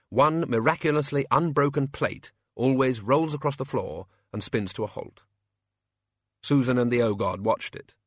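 Man narrating an audiobook, wry and lively, very dry close sound. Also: medium pitch, no room sound. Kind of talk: scripted narration.

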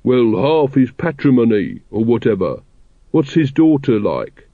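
A man's voice: medium pitch, sing-song, unhurried, mellow, no echo. A boastful, dim monster hunter, as a man puts him on, blunt and sure of himself. It is a dry, slightly dull storybook recording.

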